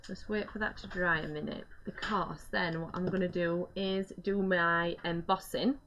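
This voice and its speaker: A woman with a bright, forceful voice that sits a little low. She talks her viewers through a craft project step by step, chatting as she works. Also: steady tone, normal speed, a little hiss or hum. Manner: chatty, explains each step while working. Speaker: craft demonstrator. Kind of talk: live craft demonstration.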